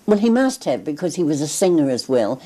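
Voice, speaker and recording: An older woman, reflectively recalling family memories in an oral history interview, pausing and restarting as she goes. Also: low-pitched, big pitch swings, mellow, low-quality recording. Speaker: interviewee recalling her grandfather.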